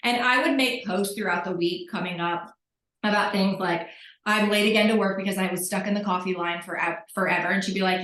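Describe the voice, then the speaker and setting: A woman's voice: medium pitch, normal speed, fairly bright tone, reverberant, poor audio. A woman telling her story candidly on a group call, acting out what people said. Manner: candid, self-mocking storyteller who acts out quotes.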